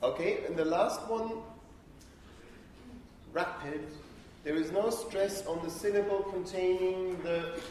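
A man's voice: high-pitched, slow pace, pauses often, a little mellow. Man lecturing in an echoey classroom. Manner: explanatory, thinking aloud, frequent checks with students. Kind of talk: university lecture on phonetics. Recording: echoey classroom with faint ambient noise.

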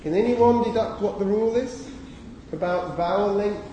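A male lecturer explains sound rules to a class, asking questions and saying "okay?" often. His voice is mellow and a little high for a man. The recording is roomy, with a long reverb, and he is heard from a distance, with faint ambient noise behind him. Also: normal speed. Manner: conversational, asks the class questions, frequent "okay?". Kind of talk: university lecture on phonology. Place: lecture hall. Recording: echoey lecture hall, mic at a distance.

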